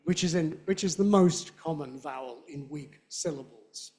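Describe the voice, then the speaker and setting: A middle-aged man with a Southern British accent giving a playful, animated lecture on phonetics and demonstrating sounds aloud. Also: on the high side, moderate pace. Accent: Southern British English. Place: lecture hall.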